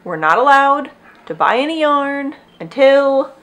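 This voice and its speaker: A woman's voice: high voice, big pitch swings, measured pace, a bit bright. A young woman hosting a knitting podcast at home, chatting casually and rambling, often breaking off to talk to her dog. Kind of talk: casual chat. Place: at home with dogs.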